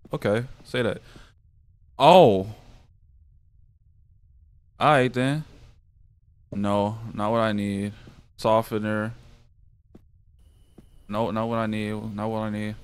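A man playing a horror game, talking to himself and breaking into loud, profane reactions and shrieks. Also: on the low side, smooth. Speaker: gaming YouTuber. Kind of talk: horror game let's play commentary.

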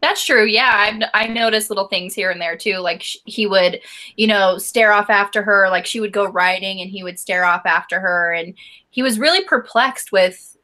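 A woman's voice: mid-range voice, moderate pace, pushed and bright. A woman co-hosting a casual book club discussion, chatty and giggly, reading out listener comments.

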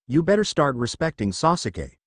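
A man's voice: fairly high pitch, big pitch swings, normal speed. A man reading the lines of a scolding teenage girl ninja in a storybook. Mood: angry.

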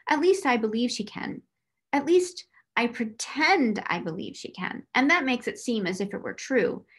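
A woman voicing an imaginative, confident little girl who explains things earnestly, in a slightly raised, gravelly voice. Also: fairly high pitch, expressive, moderate pace. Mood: eager.

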